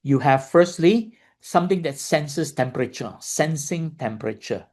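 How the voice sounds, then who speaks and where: A man's voice: fairly high pitch, expressive, moderate pace, a little mellow. Man explaining a dharma lesson. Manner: keeps checking in with listeners with "okay?" and "right?"; repeats points and restarts phrases. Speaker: meditation teacher.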